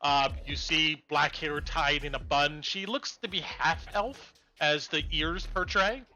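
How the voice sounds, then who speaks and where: A man's voice: fairly high pitch, unhurried, pushed and bright, slight background noise. A man narrating as game master of a tabletop game, rambling with lots of likes and ums.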